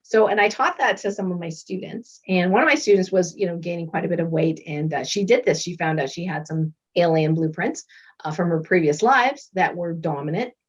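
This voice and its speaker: A middle-aged woman, a doctor and author, chatting as an interview guest and telling lively stories. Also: on the low side, brisk, husky. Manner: lively storyteller who acts out quoted voices and laughs often. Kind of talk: casual interview chat. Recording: dull lo-fi recording.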